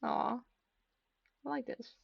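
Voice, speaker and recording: Rambling young woman, halting vlog chat. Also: slight background noise. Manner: rambling, halting, self-deprecating. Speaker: vlogger. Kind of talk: casual confessional chat. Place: at home, seated at a desk. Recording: dry, slightly dull lo-fi.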